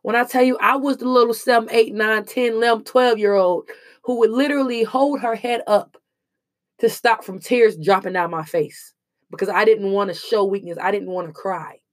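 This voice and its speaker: A woman's voice: medium pitch, steady tone, normal speed. A young woman speaking in an earnest, emphatic monologue, casual and slangy as she shares hard-won lessons. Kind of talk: emotional personal monologue.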